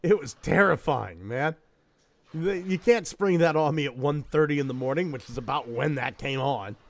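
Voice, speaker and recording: A man's voice: a little high, moderate pace, dry recording. A man hosting a podcast, talking loosely and joking, swearing freely. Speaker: podcast host. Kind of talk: casual chat.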